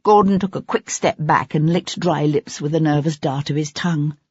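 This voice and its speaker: An audiobook narrator reading a novel in a measured, even storytelling manner, in a dry, slightly dull recording. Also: medium pitch, husky, no room sound. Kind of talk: scripted narration.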